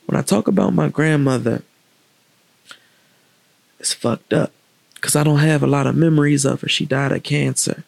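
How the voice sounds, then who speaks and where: A man telling a personal story in a candid, reflective, casual way, with halting restarts and pauses. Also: a little high, creaky, no echo.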